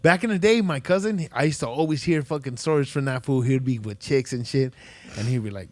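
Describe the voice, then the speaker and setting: A man's voice: mid-range voice, a little fast, darkish tone. A man hosting a podcast, telling loose, profane stories in casual chat and acting out quotes from other people. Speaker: podcast host.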